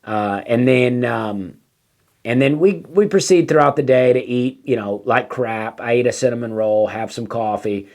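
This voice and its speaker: A comedian with a slightly mellow, mid-range voice tells a wandering story at a moderate pace. Fillers pile up, and he keeps losing his train of thought.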